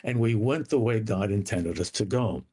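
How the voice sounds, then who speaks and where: A man's voice: normal speed, mellow, breathy edge. A man telling his family's story as an interview guest, earnest and dramatic, his voice rising and falling. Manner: earnest, dramatic retelling with shifting pitch.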